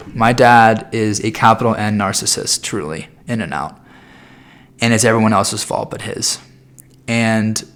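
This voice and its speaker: A young man in his twenties talks through a personal podcast monologue in a lowish voice. He is candid and emotional and swears freely. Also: fairly bright tone. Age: 20s. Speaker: podcast host.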